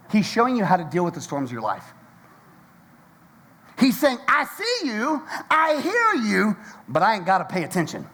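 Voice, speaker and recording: A man, a pastor delivering a sermon, telling stories with lots of energy, acting out the voices in them and laughing often. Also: sits high. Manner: lively storytelling, acts out quotes, laughs often.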